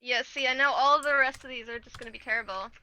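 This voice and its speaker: A woman's voice: high-pitched, steady tone, sharp tone, a little hiss or hum. A woman chatting eagerly as a player while rolling up a tabletop game character over a video call. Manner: eager, chatty, quick to laugh. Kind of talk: casual chat.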